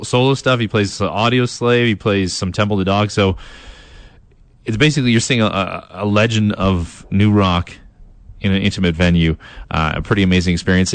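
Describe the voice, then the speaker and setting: A man's voice: lowish voice, no echo. A young man hosting a radio show, chatting casually, rambling with lots of fillers and self-deprecating asides. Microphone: studio mic.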